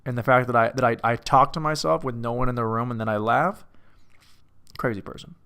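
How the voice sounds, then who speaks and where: A man's voice: medium pitch, steady tone, fairly quick, bright, forceful tone, clean tone. A man alone in a room, casually reviewing a film, rambling, cursing and mocking himself. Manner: rambling, self-mocking, profane. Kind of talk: casual movie commentary.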